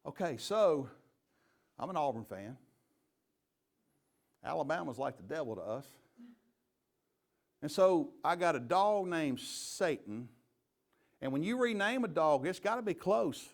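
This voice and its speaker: Middle-aged man, police chief type, slightly high voice, folksy joking trainer with stories. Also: measured pace, pauses often. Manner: lively storyteller, folksy and joking. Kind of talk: leadership training talk with stories.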